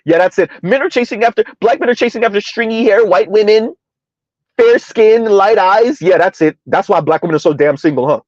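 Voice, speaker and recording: A man hosting a reaction commentary, mocking his targets with repeated rhetorical questions and drawn-out words, speaking. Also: high-pitched, a little mellow, dry recording, dull audio. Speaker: commentary video host.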